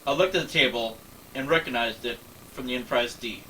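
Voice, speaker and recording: A man's voice: mid-range voice, sharp tone. Man reading a story from a distance. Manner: plain, slightly halting narration. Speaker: story reader. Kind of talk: reading a fan story aloud. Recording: distant mic, faint background noise.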